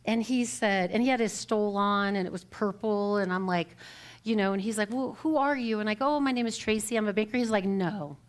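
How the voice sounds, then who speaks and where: A woman's voice: mid-range voice, fast, smooth. A middle-aged woman minister giving a live storytelling sermon in church, acting out quoted voices and laughing as she goes.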